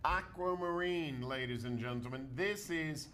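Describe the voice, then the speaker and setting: Casting: male TV shopping pitchman, emphatic showy sell, slightly high voice, faint background noise. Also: unhurried, pushed and bright. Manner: emphatic, showy salesman delivery. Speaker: home shopping host. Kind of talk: live TV sales pitch.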